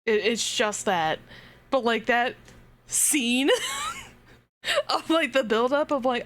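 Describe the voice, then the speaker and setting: A woman streaming a game live, chatting casually to her viewers, giggling and swearing as she gets excited. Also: fairly high pitch, slow.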